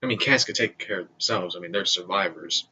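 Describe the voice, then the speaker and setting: Rambling, foul-mouthed man with a low voice. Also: brisk, sharp tone, no room sound, highs cut off. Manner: loose, profane and rambling, with frequent restarts and chuckles. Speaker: vlogger. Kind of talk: casual rambling commentary.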